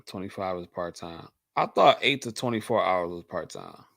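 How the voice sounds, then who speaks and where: A man from Michigan with a low-pitched voice chats casually with his stream audience. He is laid-back and circles back to his points over and over. The sound is dry and close, with no room around it. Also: expressive, moderate pace, creaky, fairly bright tone, no echo. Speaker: host. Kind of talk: casual livestream chat answering viewers.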